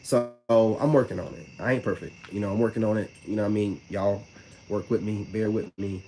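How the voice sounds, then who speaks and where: This live-streaming vlogger speaks to his viewers in a lowish, dark-toned voice over a bit of hiss or hum. His talk is casual and rambling, quick and full of slang, with "you know what I'm saying" coming up again and again.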